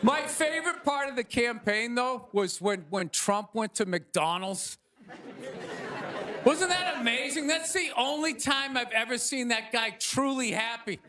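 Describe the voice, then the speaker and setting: Sarcastic ranting male talk show host. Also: very high-pitched. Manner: ranting, sarcastic, rapid asides. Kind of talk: stand-up monologue. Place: stage before a live audience. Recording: noisy room with loud crowd.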